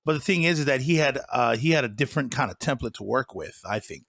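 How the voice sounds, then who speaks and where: Mid voice dude rambling bout movies, lots of um and like, super dry sound. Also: male voice, medium pitch, lively intonation, fast talker, vocal fry, a bit bright, dry recording. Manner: rambling, lots of fillers and hedging. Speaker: podcast co-host. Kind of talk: casual movie review chat.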